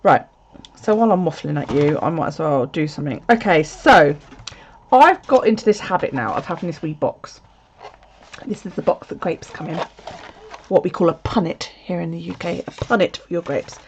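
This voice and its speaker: A UK video creator chats casually to viewers at home in a lowish, expressive voice at a moderate pace. She laughs often and swears freely, with slight background noise in the dull, lo-fi audio.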